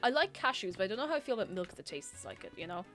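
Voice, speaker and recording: A woman's voice: medium pitch, sing-song, rapid-fire, fairly bright tone, faint music behind. Rambling, giggly woman livestreamer. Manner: rambling, giggly and self-mocking. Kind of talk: casual chat reading viewer messages.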